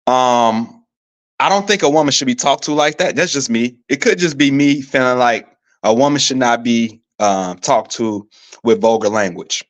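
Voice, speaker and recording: A man hosting a live sports podcast, talking casually, with a slightly rough, coughing throat, pausing with frequent ums and asking viewers for their opinions. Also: medium pitch, a bit bright. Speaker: podcast host. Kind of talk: casual live-show commentary. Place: staying abroad in Paris.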